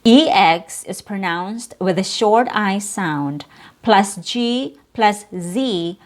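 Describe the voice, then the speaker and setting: A woman teaching English pronunciation, speaking in a slow, clearly articulated way and drawing out model sounds and single syllables. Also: medium pitch.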